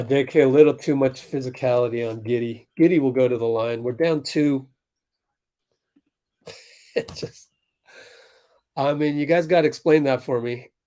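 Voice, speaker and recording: A man hosting a fan livestream, calling the game live and ranting back at viewers in chat, swinging between fired-up outbursts and low muttered play-by-play. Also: darkish tone. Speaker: livestream host.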